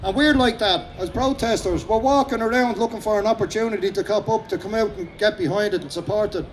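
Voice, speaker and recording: A middle-aged Irish man giving a rousing, fast-paced speech at an outdoor rally. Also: high voice, a little hiss or hum. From Ireland. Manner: fast-talking, repetitive, rousing. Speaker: speaker at a rally.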